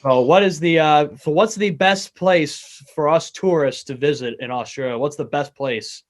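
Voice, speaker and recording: A man's voice: a little high, normal speed. A man with an American accent hosting a sports talk show, putting questions to his guest in a friendly, eager way. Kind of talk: casual interview.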